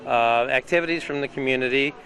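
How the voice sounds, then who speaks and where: A man who chairs a town committee, explaining in a measured way with some restarts, in an outdoor interview. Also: medium pitch, creaky, a bit bright, slight background noise, poor audio. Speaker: economic development chairman.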